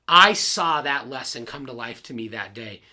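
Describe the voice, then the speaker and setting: A man's voice: medium pitch, animated, normal speed, bright, forceful tone. A man, a pastor, telling a personal story in an earnest, confiding way and speaking straight to his listeners. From Arizona.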